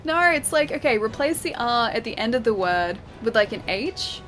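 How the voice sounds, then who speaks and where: A woman's voice: on the high side, animated, moderate pace, a bit bright, soft background music. A young Australian woman chatting casually with her livestream chat while playing a game, laughing often and reading messages aloud. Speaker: streamer.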